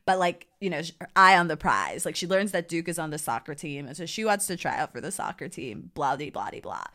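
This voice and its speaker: A woman's voice: low voice, animated, a little fast, pushed and bright. A woman co-hosting a podcast, recapping a movie in casual, rambling chat full of fillers and laughs. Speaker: podcast co-host.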